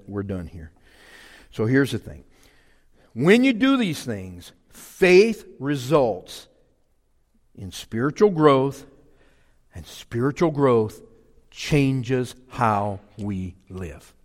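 A man's voice: mid-range voice, in a large hall. A man preaching a sermon in a folksy, emphatic way, repeating his key phrases. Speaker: pastor.

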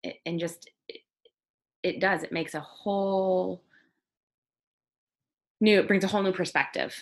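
A woman's voice: fairly low pitch, steady tone, measured pace. A woman hosting an interview, talking in an earnest and reflective way. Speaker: host. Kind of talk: conversational interview.

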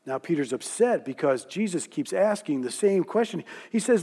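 A man delivers a sermon as a story, his voice pitched high. His tone is mellow and warm, and he eases into slow, quiet phrasing for quoted lines. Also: expressive, husky. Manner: storytelling, voicing quoted lines softly and slowly. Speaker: preacher. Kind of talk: sermon narration.

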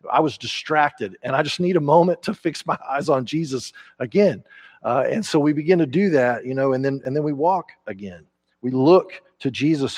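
A man, a pastor preaching a conversational sermon in a church, growing animated as he acts out quotes. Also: medium pitch. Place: church sanctuary.

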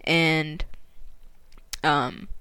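Woman, casual story retelling, chatty, laughs often, smooth clear voice, dry sound. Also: deep voice, fairly even intonation, very slow, pushed and bright, no echo. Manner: chatty, laughing, filler-heavy.

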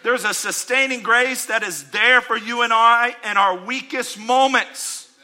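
A middle-aged man preaching a sermon to his church, with call-and-response asides that climb to shouted peaks. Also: very high-pitched, unhurried. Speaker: pastor.

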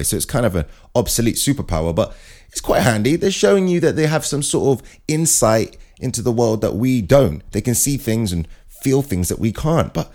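A man hosting his own show, telling rambling comic stories in an animated way. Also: lowish voice. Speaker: podcast host. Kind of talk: comic monologue.

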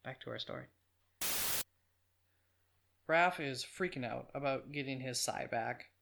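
A man's voice: medium pitch, unhurried, gravelly, a bit bright. A man narrating a casual film review with chatty, offhand asides.

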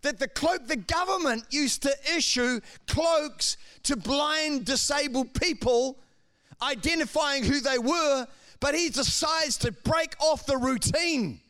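A man preaching a sermon, with swings between calm speech and shouted, fervent passages. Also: extremely high pitch, takes it slowly. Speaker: pastor.

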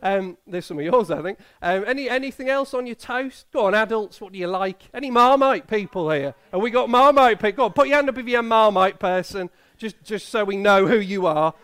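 Chatty high-voiced preacher. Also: male voice, lively intonation, brisk, few pauses, fairly bright tone, clean tone. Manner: chatty and playful, quizzing the children and the congregation. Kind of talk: Bible reading and children's talk in a church service.

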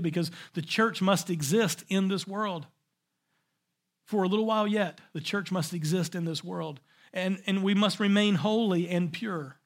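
A man's voice: sits high, normal speed. A man preaching a sermon, emphatic and repeating his key phrases for weight. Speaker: pastor.

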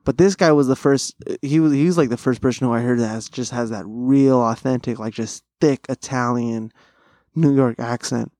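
A man's voice: mid-range voice, moderate pace, warm tone, no echo. Podcast host, man, slangy and profane, dry close sound, casual storyteller. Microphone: studio mic.

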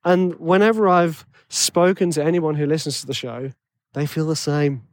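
A man's voice: fairly high pitch, steady tone, normal speed, dry recording. A man with a tenor voice hosting a podcast, rambling and self-deprecating in casual chat full of fillers. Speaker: podcast host.

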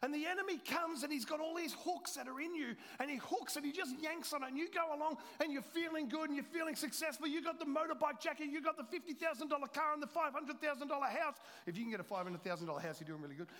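A middle-aged man preaching a sermon as a pastor, swinging between loud urgency and hushed, intimate storytelling. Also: very high-pitched, fast, few pauses. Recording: long hall reverb.

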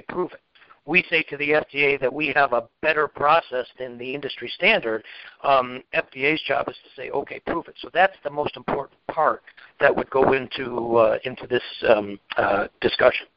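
Deliberate man explaining with fillers. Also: medium pitch, no echo, muffled recording. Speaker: regulatory expert host. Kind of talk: casual explanatory chat.

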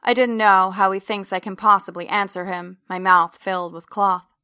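A woman reads a first-person story aloud in a measured, steady way. Her voice is bright, and her pitch stays level with little movement. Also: clear, resonant tone. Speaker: audiobook narrator. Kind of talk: first-person fiction narration.

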